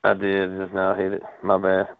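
A man, chatting casually as a podcast co-host and telling stories in an animated, profane way. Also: deep voice, normal speed, background noise. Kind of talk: casual chat. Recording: tinny phone-like line.

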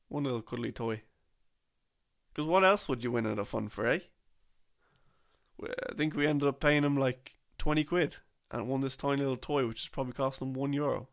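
Young guy rambling through a trip story, gravelly voice, lots of slang. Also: medium pitch. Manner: chatty, rambling, with slang and restarts. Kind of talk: casual storytelling about a trip.

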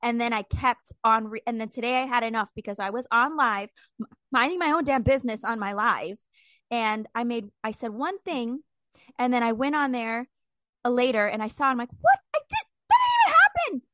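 An outspoken woman from Indiana with a fairly high voice, co-hosting a podcast. She talks animatedly and laughs often. The sound is close and dry. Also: moderate pace, a bit bright, no echo. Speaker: podcast co-host. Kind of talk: casual chat.

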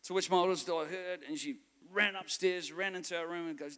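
A man's voice: high-pitched, fairly quick, sharp tone. A New man in his forties preaching a sermon, telling a story and building to fervent calls. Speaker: pastor. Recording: long hall reverb.

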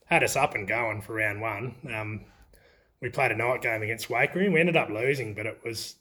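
A middle-aged man with an Australian accent, telling stories from his football days in a relaxed interview, often laughing as he talks. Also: fairly low pitch, moderate pace. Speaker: former country footballer. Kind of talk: casual storytelling interview.

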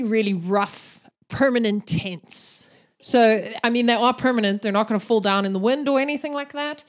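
A woman narrating a tabletop game as game master, chatty and laughing. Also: mid-range voice.

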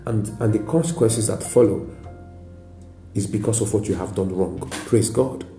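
A man's voice: on the low side, normal speed, mellow, echoey room, soft background music. A Nigerian man preaching a sermon as a pastor, emphatic, repeating lines and adding frequent "praise God". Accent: Nigerian English.

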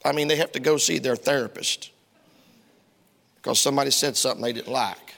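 A male pastor preaching a sermon in a church, folksy and emphatic, climbing to loud heated preaching. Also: medium pitch, fairly quick, creaky. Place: church sanctuary. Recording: long reverb of a church hall.

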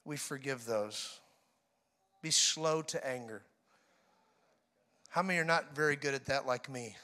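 A man preaching a sermon in an animated, joking way, acting out voices with sudden loud outbursts. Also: medium pitch, measured pace. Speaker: pastor.

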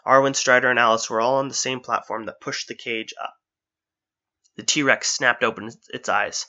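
A man reads an adventure story aloud in a steady, engaged manner. His voice is very bright and sharp at an ordinary pitch, and the recording sounds dull and lo-fi. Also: moderate pace. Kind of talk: audiobook-style story narration.

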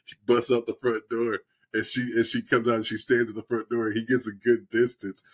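A man's voice: medium pitch, level tone, brisk, slightly rough. A man in casual podcast chat, retelling a TV show in a rambling, profane way and laughing often. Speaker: podcast co-host.

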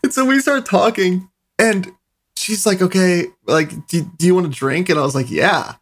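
A man's voice: high voice, normal speed, husky. A man co-hosting a podcast, telling a profane, rambling anecdote in casual chat. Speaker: podcast co-host.

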